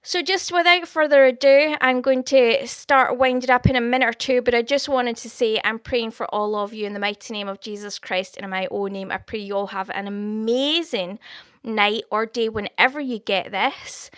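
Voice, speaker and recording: A Scottish woman talks to her livestream viewers, reading out their comments and speaking prophecy over them. Her voice sits a touch high and sounds clear and smooth. The studio mic picks it up close and dry, with no room around it. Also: fairly bright tone, dry recording. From Scotland. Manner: chatty, reads out viewer comments and thanks them. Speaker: livestream host giving prophecy. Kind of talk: live-stream chat and prophecy. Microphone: studio microphone.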